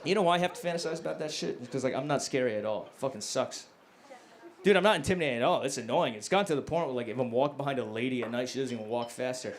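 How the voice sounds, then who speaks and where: A male stand-up comedian doing a crude, self-mocking set, dropping to low mumbles and then bursting out loud. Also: racing. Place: comedy club stage. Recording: live club recording with noticeable background noise. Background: audience laughter.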